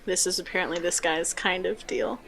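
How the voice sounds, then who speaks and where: A woman's voice: fairly low pitch, steady tone, fairly quick, vocal fry, fairly bright tone. A woman game master casually narrating a tabletop fantasy game, with fillers and light laughs.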